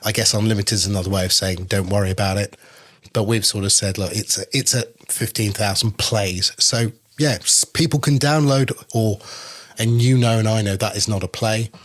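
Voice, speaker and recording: A man's voice: on the low side, normal speed. A man co-hosting a podcast, explaining things in casual chat and repeating words as he restarts. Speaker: podcast co-host.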